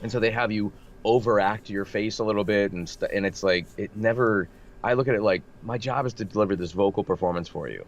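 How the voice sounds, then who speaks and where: A man with a low, slightly nasal voice talks shop in a relaxed interview. He keeps restarting his sentences and getting animated. The remote audio sounds dull with faint hiss behind it. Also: a little fast. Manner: animated, self-deprecating, lots of restarts. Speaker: voice actor guest. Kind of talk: casual interview chat.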